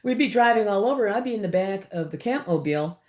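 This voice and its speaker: A woman in her sixties from Los Angeles, an author chatting as an interview guest, animated and laughing often with many fillers. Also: medium pitch, fast. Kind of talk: casual interview chat.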